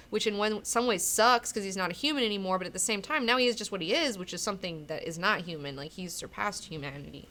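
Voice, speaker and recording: Female comic book host, somewhat low voice, rambling casual chat, frank and profane. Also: fairly bright tone. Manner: rambling and candid, swears freely, acts out characters' lines.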